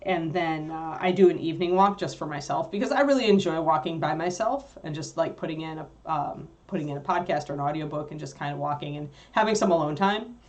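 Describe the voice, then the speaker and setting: A woman's voice: deep voice, fast, hardly any pauses. A woman co-hosting a livestream, chatting casually with viewers, rambling with lots of fillers and easy laughs. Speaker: livestream co-host answering chat. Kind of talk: casual chat.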